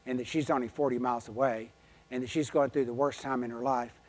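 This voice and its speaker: A man giving a conference keynote, telling folksy stories with an animated, emphatic delivery. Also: medium pitch, quick pace. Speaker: keynote speaker. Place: conference hall.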